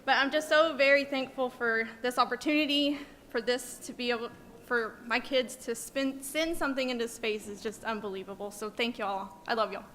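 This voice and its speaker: A woman's voice: fairly high pitch, steady tone, normal speed, fairly bright tone. A woman teacher giving an emotional conference speech, nervous and close to tears. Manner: emotional, tearful, laughing nervously. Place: museum conference hall. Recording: long hall reverb, faint noise.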